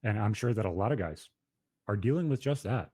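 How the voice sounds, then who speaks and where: A man's voice: lowish voice, lively intonation, brisk, mellow, husky, no echo. A man in his thirties telling a personal story on a podcast in a blunt, profane, emphatic way. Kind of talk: casual podcast conversation.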